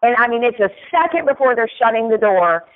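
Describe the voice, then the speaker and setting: A motivational speaker with a very high-pitched voice and lively intonation talks fairly quickly, telling a story emphatically and frequently asking "right?" His voice comes through tinny and phone-like, trailing long reverb.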